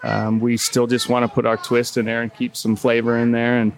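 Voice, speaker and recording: A man from the brewery in relaxed conversation about what customers like. He talks in an easygoing way and fills pauses with "you know" and "um." His voice sits at a typical middle pitch for a man. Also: a crowd in the background. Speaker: brewery staff. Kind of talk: casual group chat.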